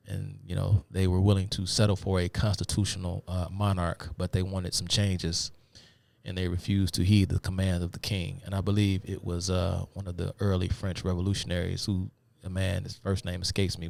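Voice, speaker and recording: A man's voice: low voice, flat delivery, moderate pace, vocal fry, a little mellow. A man hosting a live stream, giving a rambling, casual lecture full of fillers and asides to his viewers. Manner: rambling, many fillers, addresses viewers as y'all. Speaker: host of a live talk stream.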